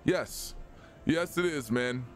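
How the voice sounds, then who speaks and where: A young male streamer talks through a racing game in a loose, chatty way, reading and answering comments from his viewers. His voice sits at an ordinary middle pitch, with faint game music under it. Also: slow. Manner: casual, chatty, reads out viewer chat.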